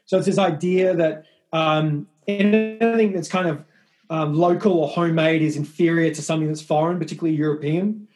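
A man's voice: on the high side, steady tone, a little fast, darkish tone, soft background music. A middle-aged Australian man with an Australian accent, a guest telling stories in a rambling, self-deprecating, casual way. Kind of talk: casual interview conversation.

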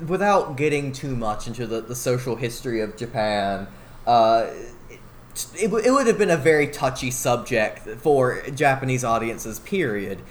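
A man's voice: mid-range voice, animated, moderate pace, slight background noise. A man co-hosting a podcast, talking eagerly and rambling with many fillers and restarts. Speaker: podcast co-host. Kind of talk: casual podcast discussion.

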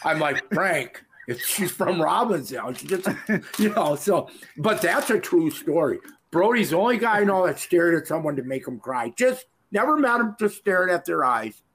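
A middle-aged man from Minnesota, a former wrestler guesting on a podcast, telling stories in a lively way and acting out the voices. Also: a little high, moderate pace, slight background noise. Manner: animated storyteller, laughs and acts out quotes. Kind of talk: casual storytelling.

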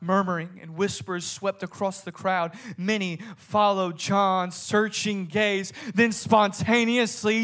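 A man preaching a sermon, reading scripture and telling the story dramatically, swinging from soft storytelling to shouted high points. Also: steady tone, takes it slowly, few pauses. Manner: reads scripture aloud in King James wording.

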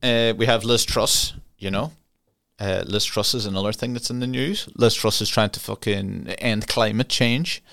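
A man's voice: fairly low pitch, fairly even intonation, moderate pace, vocal fry, a bit bright. A young Irish man hosting a podcast alone, rambling and swearing casually, often laughing at his own tangents. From Ireland. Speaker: podcast host. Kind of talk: casual solo podcast chat.

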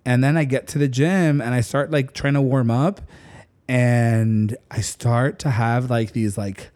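Man, podcast co-host, mid-pitched, chatty storyteller who swears freely and fills with "like". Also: measured pace. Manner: animated, leans on "like", swears casually. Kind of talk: casual storytelling chat.

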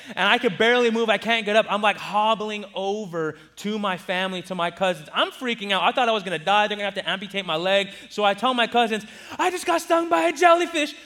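A man in his twenties from Southern California, telling a personal story in a sermon with lively delivery and acted-out quotes. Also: high voice, fast, few pauses. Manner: animated, acts out quoted voices. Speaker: preacher.

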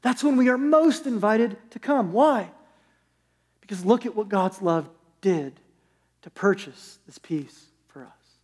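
Male pastor, high voice, earnest conversational sermon delivery; church sanctuary with long reverb. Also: unhurried, pauses often, a little mellow, breathy edge. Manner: earnest, conversational preaching with rhetorical questions. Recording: long reverb of a large hall.

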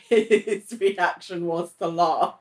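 A woman co-hosting a podcast, talking casually in a thoughtful, halting way. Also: fairly low pitch. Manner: thoughtful and halting, with fillers and restarts. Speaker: podcast co-host. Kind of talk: casual chat.

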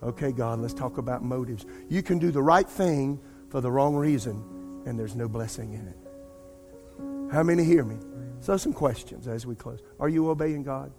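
A middle-aged man, a pastor preaching a sermon and telling a personal story in an animated way. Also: mid-range voice, moderate pace, hardly any pauses, music in the background. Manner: animated storytelling, addresses congregation as "y'all".

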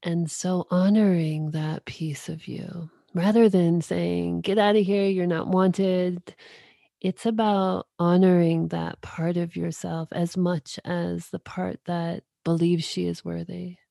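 Woman guest talking slow and soothing, gravelly low voice, dry close sound. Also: fairly even intonation, warm tone, no room sound. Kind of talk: reflective spiritual talk.

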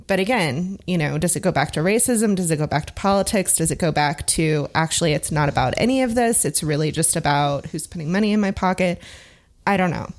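Deep-voiced woman thinking aloud. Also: a little mellow. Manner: thoughtful, hesitant, with many fillers and restarts. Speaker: podcast discussion participant. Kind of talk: casual discussion.

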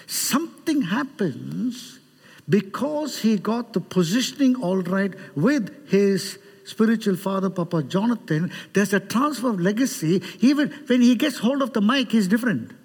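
A man's voice: high-pitched, unhurried, breathy edge, long reverb tail. A man with an Indian accent preaching a sermon, telling stories, acting out the people in them and laughing often. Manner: animated, mimics others in quoted dialogue, laughs often. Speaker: guest preacher. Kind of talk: sermon with storytelling.

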